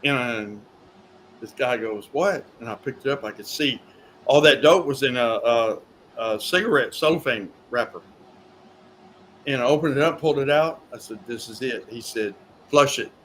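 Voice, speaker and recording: A man, a guest in an interview telling his story in a rambling, animated way, repeating words as he goes. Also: mid-range voice, moderate pace, a little hiss or hum. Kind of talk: storytelling in a talk show interview.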